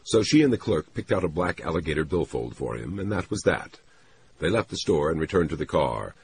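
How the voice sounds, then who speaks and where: Deep-voiced man narrating expressively. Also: a little fast, a little hiss or hum. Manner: expressive, voicing characters. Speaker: audiobook narrator. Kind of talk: scripted narration.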